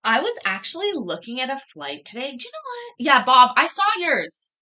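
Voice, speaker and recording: Lively bright-voiced woman streamer. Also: sits high, moderate pace, dull audio. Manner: chatty, laughing, swears freely. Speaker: livestream host. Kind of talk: casual chat reacting to a court stream.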